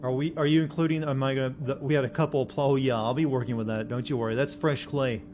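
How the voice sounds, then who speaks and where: A male game streamer talks with his chat in a flat, deadpan manner, his pitch sitting in a middle range. Faint music plays behind him. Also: fast. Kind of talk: casual livestream chat.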